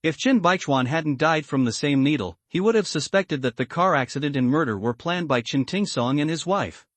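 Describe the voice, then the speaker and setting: A man with a fairly high voice narrates a story recap at normal speed in a steady, even reading manner, delivering the characters' lines without doing voices. There's no room sound.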